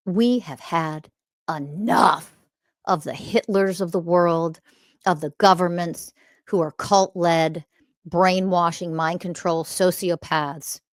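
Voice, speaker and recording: A woman's voice: on the low side, no room sound, studio quality. Profane, scolding woman podcast host. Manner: swings between loud emphasis and quiet muttering. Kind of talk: ranting monologue.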